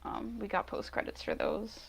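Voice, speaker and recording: Female podcast co-host, mid pitch, chatty, quick to chime in. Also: huge pitch swings, creaky, slightly rough. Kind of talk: casual fan podcast chat.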